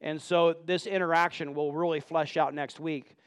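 A man's voice: a little high, fairly even intonation, normal speed, clear, resonant tone. A man reading scripture aloud and explaining it in a Bible teaching, often stumbling and repeating words when he speaks off the cuff.

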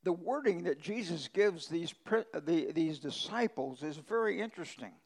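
A man's voice: a little high, expressive, moderate pace, low-quality recording. A male pastor preaching a conversational sermon, telling folksy ranch stories with emphatic swings in his voice.

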